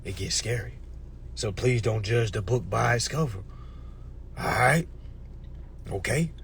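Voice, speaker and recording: A man delivering a casual, preachy rant to his viewers, swearing freely, tagging his points with "all right?" and swinging between murmurs and shouts. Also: medium pitch, animated, unhurried, vocal fry, slight background noise. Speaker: social media commentator. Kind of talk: casual ranting monologue.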